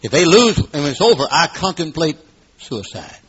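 A man in his fifties preaching a sermon, dramatic, swinging between hushed asides and loud exclamations. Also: on the high side, very animated, normal speed, husky. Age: 50s. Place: room at an evening gathering. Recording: dull lo-fi recording.

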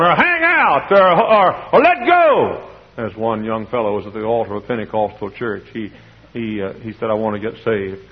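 Older preacher on an old radio broadcast. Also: male voice, medium pitch, highs cut off. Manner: folksy storytelling with sudden shouted climaxes. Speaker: pastor. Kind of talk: sermon.

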